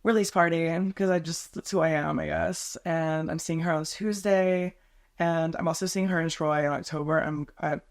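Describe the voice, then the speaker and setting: A young man from Tennessee chatting alone in his bedroom, rambling quickly and stumbling over his words. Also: fairly high pitch, fairly even intonation, vocal fry. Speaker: podcast host. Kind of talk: solo casual chat to camera.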